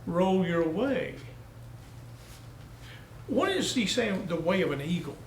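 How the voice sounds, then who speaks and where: A man's voice: sits high, very animated, takes it slowly, echoey room, slight background noise, rough recording. A male pastor preaching a sermon, telling down-home country stories and building to emphatic peaks. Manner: folksy storytelling preacher, rising to emphatic peaks.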